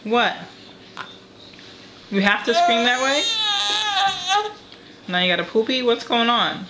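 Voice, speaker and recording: A woman's voice: on the high side, takes it slowly. A young woman filming small children at a home meal, coaxing them in sing-song baby talk. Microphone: handheld home camcorder. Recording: loud background noise on a home camcorder.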